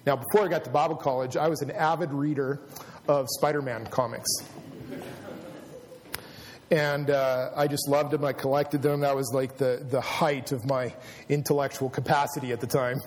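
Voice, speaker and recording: A man's voice: mid-range voice, fairly even intonation, normal speed, a little mellow. Man preaching with hall echo. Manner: storytelling, builds to emphatic preaching. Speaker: pastor. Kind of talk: sermon. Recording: long hall reverb.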